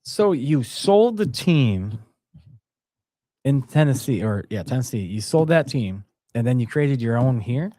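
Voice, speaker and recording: A man's voice: medium pitch, sing-song, measured pace, mellow, no echo, studio quality. A man hosting a casual podcast, asking short questions. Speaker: podcast host.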